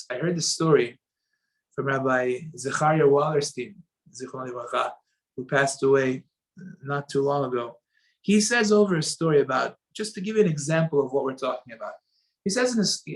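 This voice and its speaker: A man giving a spoken Torah lesson, telling stories and acting out the quoted voices with sudden swings between loud and soft. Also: mid-range voice, low-quality recording. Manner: animated, acts out quoted voices with sharp rises and drops in loudness. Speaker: rabbi teaching a Torah lesson.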